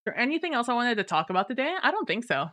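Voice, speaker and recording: A woman's voice: on the high side, very animated, racing, a bit bright. A woman livestreamer chatting casually with viewers at her home computer, laughing often and apologizing, with lots of fillers and restarts. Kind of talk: casual stream chat reading viewer messages.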